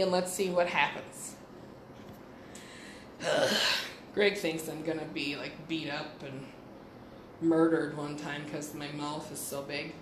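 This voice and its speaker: A woman's voice: low-pitched, fairly even intonation, unhurried, roomy sound, background noise. A woman hosting a podcast, telling a story in a blunt, profane and sarcastic way. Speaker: podcast host. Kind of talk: casual storytelling monologue.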